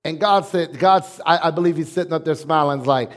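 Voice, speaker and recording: A man's voice: on the high side, brisk, hardly any pauses. A man pastor preaching a sermon, emphatic, leading the congregation in call-and-response.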